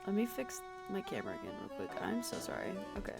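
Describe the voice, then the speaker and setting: A woman streaming a game, chatting casually with quick self-deprecating asides. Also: fairly low pitch, huge pitch swings, creaky. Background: game music.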